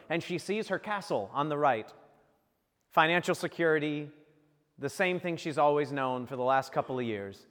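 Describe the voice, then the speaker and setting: Recorded in a large hall, a man with a fairly high voice preaches playfully, turning a saint's story into a comic homily and acting out the roles.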